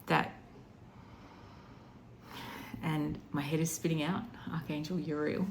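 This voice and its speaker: A woman intuitive healer speaking in a soft, reflective and emotional way about her spiritual practice. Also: deep voice, flat delivery, slow pace, slight background noise.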